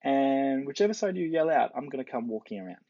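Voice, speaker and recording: A man lectures in a relaxed, explanatory way and playfully acts out the characters he quotes. His voice is husky with a gravelly edge. The recording is dull and lo-fi, with a dry sound. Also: mid-range voice, fast talker, no room sound.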